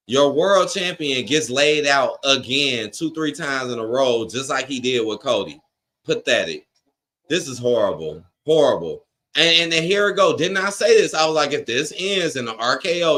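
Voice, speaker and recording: Male streamer: animated, frustrated ranter with a wide-ranging pitch and lots of profanity. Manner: frustrated, profane ranting, reads chat aloud. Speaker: wrestling watch-along streamer. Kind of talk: live-stream reaction rant.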